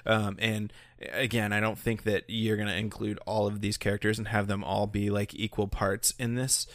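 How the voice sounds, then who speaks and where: A man's voice: on the low side, flat delivery, normal speed, no room sound. Rambling podcast man, dry close sound. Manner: rambling, many fillers and restarts. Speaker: podcast co-host. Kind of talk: casual chat.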